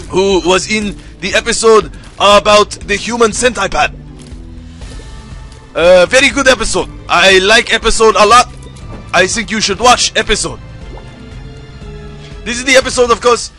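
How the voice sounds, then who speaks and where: A young man putting on a loud, over-the-top cartoonish caricature voice, yelling in broken grammar. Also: high voice, voice pushed up. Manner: yelling, broken grammar, exaggerated put-on accent.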